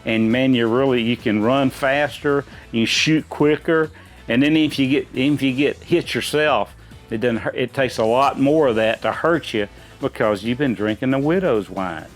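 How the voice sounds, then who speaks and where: A man's voice: medium pitch, moderate pace, soft background music. A middle-aged man, a dad hosting a trivia chat, answering in rambling, folksy explanations. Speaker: quiz host, a gamer's dad answering questions. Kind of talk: casual chat.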